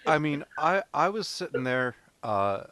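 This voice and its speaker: A man co-hosting a podcast in casual chat, relaxed, laughing often and restarting his sentences. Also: on the high side, measured pace, dry recording. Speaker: podcast co-host.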